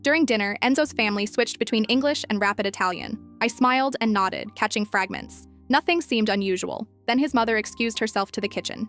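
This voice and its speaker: Woman, storyteller, even and measured read, soft music bed underneath. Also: a little high. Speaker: narrator. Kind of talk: first-person story narration.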